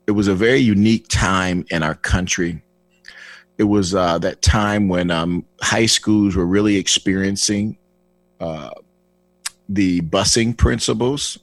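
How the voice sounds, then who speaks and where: Telling his personal testimony as a guest, a Flint, Michigan man in his sixties gets animated and acts out each exchange, often restarting his lines. He has a deep voice, recorded with no echo.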